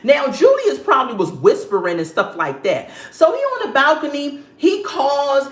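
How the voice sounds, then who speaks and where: A woman's voice: high-pitched, very animated, moderate pace, few pauses. A young woman giving a casual, sassy review of a reality show. She laughs often and acts out the people she describes. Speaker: reality TV recap vlogger. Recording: roomy echo.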